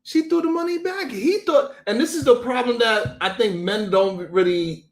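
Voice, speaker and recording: High-voiced laughing man hosting a stream. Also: moderate pace, roomy sound. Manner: loud, laughing, incredulous slang-heavy talk. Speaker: livestream host. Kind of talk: comedic reaction commentary.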